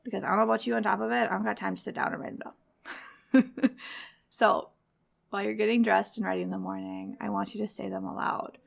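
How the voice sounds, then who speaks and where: A woman's voice: medium pitch, steady tone, fairly quick, gravelly, long pauses. A woman hosting a podcast for mothers, giving a direct, encouraging motivational talk in a conversational way. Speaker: podcast host.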